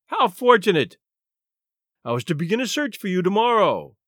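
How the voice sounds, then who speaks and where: A man doing an excitable gentleman, high and eager. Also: brisk, dry recording, studio quality. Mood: excited. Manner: eager, pleading. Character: excitable tall gentleman in opera hat.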